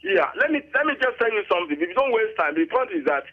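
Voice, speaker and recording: A man's voice: very high voice, sing-song, fast talker, narrow, tinny audio. A retired army colonel in his fifties with a Nigerian accent, giving emphatic, lecturing interview answers and often checking that he is understood. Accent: Nigerian English. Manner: emphatic, repetitive, keeps asking "you understand me?".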